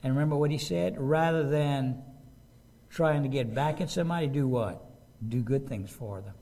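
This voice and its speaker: A man's voice: medium pitch, normal speed, warm tone. A man preaching a sermon, reading scripture aloud and stopping to ask his listeners emphatic rhetorical questions. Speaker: pastor.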